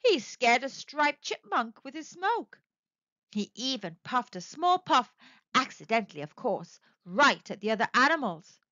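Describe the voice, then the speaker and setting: A woman narrating a children's story aloud in an expressive, sing-song way. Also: a little high, unhurried, no room sound, lo-fi sound.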